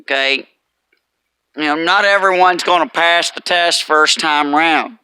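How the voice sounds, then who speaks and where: A man gives a casual but preachy motivational talk to the camera and hammers his points home with repeated phrases. His voice is very bright and crisp and sits a little high. The sound is dry and close. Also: no room sound. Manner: emphatic and preachy, repeating "let me tell you". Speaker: chef and motivational vlogger.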